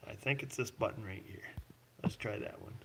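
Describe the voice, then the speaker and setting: With some background noise behind him, this mechanic livestreamer speaks at a normal pace in a lowish voice. He keeps things loose and jokey, wandering between topics and frequently chuckling.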